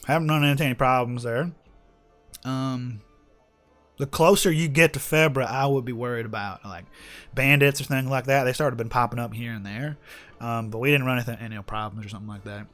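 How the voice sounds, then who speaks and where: A man voicing a gruff, folksy male bear-man traveler in a tabletop game, drawling and rambling. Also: medium pitch, fairly even intonation, brisk, fairly bright tone, faint music behind, natural voice. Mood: easygoing.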